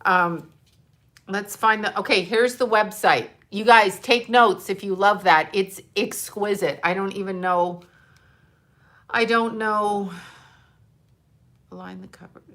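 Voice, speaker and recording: Bright-voiced woman chatting emotionally. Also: medium pitch, takes it slowly, long pauses. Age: older. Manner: emotional, rambling, swears casually. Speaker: livestream host. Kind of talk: casual livestream chat.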